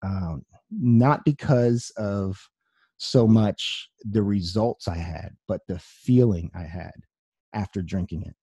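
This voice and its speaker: A man's voice: lowish voice, slow, mellow, husky, no room sound. A young man telling a personal story to an audience in an earnest way, acting out his own past words with many restarts. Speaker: speaker sharing his story. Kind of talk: personal testimony talk.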